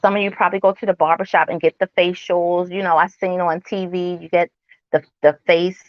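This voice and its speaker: A woman's voice: on the low side, flat delivery, a little fast, no echo, muffled recording. A woman in her forties chatting to camera about skincare in a rambling way and asking her viewers questions. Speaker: wellness vlogger. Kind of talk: casual chat to camera.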